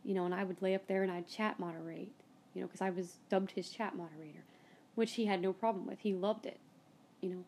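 A woman's voice: medium pitch, fairly even intonation, a little fast, a little hiss or hum. A woman hosts her own podcast and tells a personal story in a loose, casual way, sometimes swearing. She gets emotional and close to tears, and her voice sinks to a whisper in the tender parts. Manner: emotional, near tears, whispering at soft moments. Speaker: podcast host.

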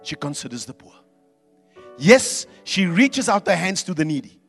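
A man preaching with a high voice, dropping low and soft, then rising loud and emphatic. His voice rings with long reverb in a large hall, with faint music behind him. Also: big pitch swings, moderate pace, creaky, husky. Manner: swings from quiet asides to loud preaching. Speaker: pastor. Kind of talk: sermon.

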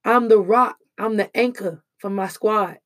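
In a measured, medium-pitched voice, a young woman talks through the hard-won lessons she's picked up. The monologue is emotional and personal, earnest and emphatic in delivery yet casual and full of slang.

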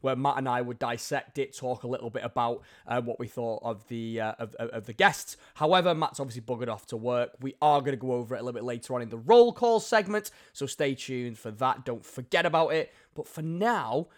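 A man's voice: mid-range voice, lively intonation, fairly quick, few pauses. A man hosting a casual podcast, jokey and enthusiastic, with big bursts of laughter. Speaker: podcast host.

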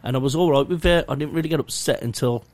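A man's voice: medium pitch, quick pace, a little mellow, dry recording. A young man, rambling through a sweary, self-mocking story in casual chat. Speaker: podcast co-host.

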